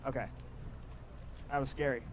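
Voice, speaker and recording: A man live-streaming from a city street, chatting casually in relaxed slang. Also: medium pitch, moderate pace, poor audio. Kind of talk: casual street livestream chat. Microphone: portable streaming mic. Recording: street traffic noise. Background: street traffic noise.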